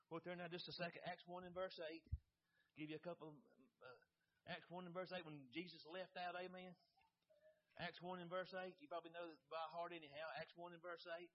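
A man preaching with a high, ringing voice, circling back to the same phrases in a steady rhythm. He keeps pausing to draw an amen from the room. The recording sounds dull and lo-fi. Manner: repetitive, rhythmic, calls for amens from the congregation. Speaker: visiting preacher. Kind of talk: sermon.

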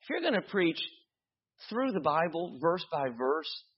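A man preaches from the pulpit, animated and joking, often repeating his words. His voice is a little husky. The recording sounds dull and lo-fi. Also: a little high, measured pace. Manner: animated preaching with humor and repetitions. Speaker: pastor. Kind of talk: sermon.

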